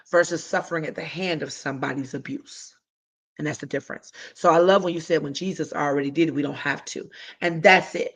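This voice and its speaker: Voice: medium pitch, a bit bright. A livestream host giving heartfelt advice in a casual, emphatic way, talking straight to viewers with colloquial slang. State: voice cracking.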